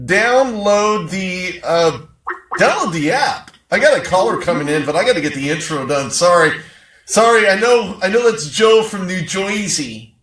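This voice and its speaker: Chatty high-voiced male sports host. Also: a bit bright, recorded from a distance. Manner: chatty, rambling and jokey. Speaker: sports talk show host. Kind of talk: casual sports talk. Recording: echoey room, off-mic.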